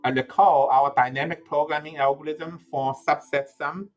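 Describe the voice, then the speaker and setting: Faint music plays behind a muffled recording of a male lecturer, whose slightly high voice stays fairly even at normal speed. Reasoning through a problem aloud, he keeps saying "uh" and correcting himself.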